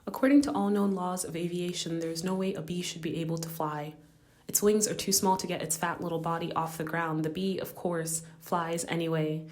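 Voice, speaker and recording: Young woman, lowish flat voice, lyrical playful poem reading. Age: young adult. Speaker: spoken word poet. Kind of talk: spoken word poetry.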